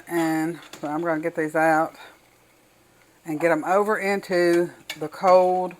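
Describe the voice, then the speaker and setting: A woman's voice: lowish voice, a little hiss or hum, low-quality recording. Chatty older Southern woman cooking. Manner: chatty, folksy and enthusiastic. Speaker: home cooking vlogger. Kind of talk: casual cooking demonstration. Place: home kitchen.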